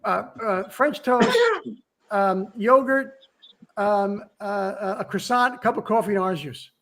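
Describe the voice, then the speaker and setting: A man's voice: sits high, measured pace, a bit bright. A man in his sixties hosting a podcast, chatting casually and rambling with restarts and asides. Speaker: podcast host. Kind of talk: casual chat.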